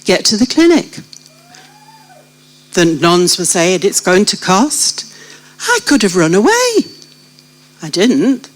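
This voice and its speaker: Speaking slowly in a medium-pitched, sing-song voice, a British guest recounts her testimony to a church congregation at a gathering. She tells it vividly and puts questions straight to her audience; the recording is rough.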